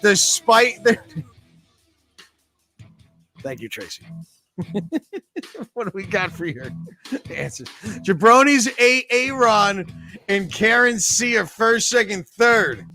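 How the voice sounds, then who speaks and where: A man's voice: sits high, expressive, slow, pauses often, bright, forceful tone, faint music behind. A man with a New England accent hosting bar trivia, joking and chatty as he reads questions and scores. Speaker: trivia host.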